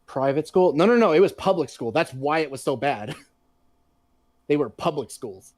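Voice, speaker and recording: A man chatting casually on a podcast, telling animated, profanity-laced stories. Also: fairly high pitch, normal speed, no room sound. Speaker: podcast co-host. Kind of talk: casual chat.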